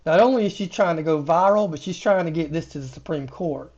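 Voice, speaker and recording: A man's voice: on the high side, brisk, muffled recording. A man hosting a reaction video, talking casually and with disbelief. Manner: casual and incredulous, drifting quieter. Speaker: commentary host. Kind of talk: reaction commentary.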